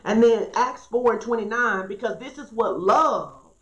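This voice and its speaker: A woman's voice: a little high, animated, measured pace, a bit bright, highs cut off. A woman pastor preaching an earnest, emphatic sermon and reading scripture aloud. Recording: echoey room.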